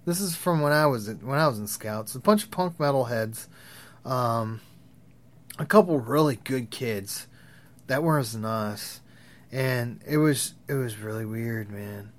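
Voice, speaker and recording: A young vlogger tells crude, rambling stories in a casual, profane rant, laughing at his own tales. His voice is medium-pitched and he talks a little slowly.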